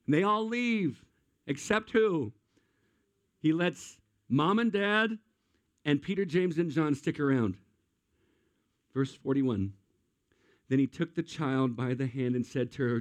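A man preaching a sermon as a pastor, animated and acting out quotes with playful voices. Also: mid-range voice, normal speed, pauses often.

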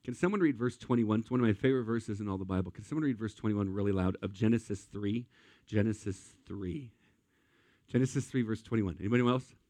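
A man preaching a sermon at a church service in an energetic, conversational way, talking straight to the congregation. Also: lowish voice, fast talker, no echo. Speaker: pastor.

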